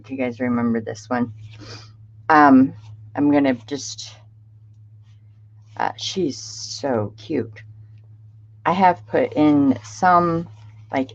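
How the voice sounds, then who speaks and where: A middle-aged woman with a low voice hosts a craft livestream. She chats unhurriedly, greets viewers by name and laughs easily. Her voice comes through a desk webcam mic with dull, lo-fi stream audio. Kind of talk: casual live-stream chat.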